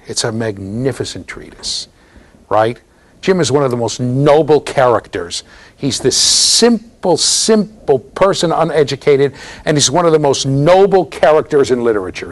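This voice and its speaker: Male lecturer, mid-pitched, very expressive delivery, storytelling classroom style with rhetorical check-ins. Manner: animated storytelling with frequent rhetorical "right?" and "okay?". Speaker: university lecturer. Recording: 2009 lecture hall recording.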